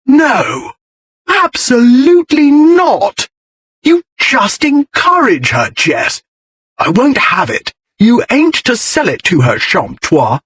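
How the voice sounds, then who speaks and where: A petulant young gentleman, pitched far above the reader's own voice, yelps and pleads in shrill outbursts, as a man acts him out. The tone is slightly husky and recorded dry and close for a storybook reading. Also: wildly swooping pitch, slow, dry recording, full character voice. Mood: indignant whining.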